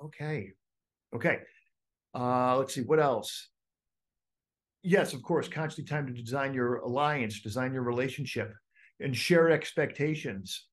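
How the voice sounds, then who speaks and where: A male coach running a group call speaks with a medium pitch at a measured pace, leaving long pauses. His delivery is loose and lively, with frequent fillers and false starts, and he dramatizes inner voices while teaching.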